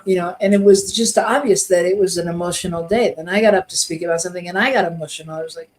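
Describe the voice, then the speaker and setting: A woman's voice: fairly low pitch, quick pace, hardly any pauses, a little mellow, rough recording. A woman co-host of a spiritual talk show, chatting and telling a story with frequent restarts.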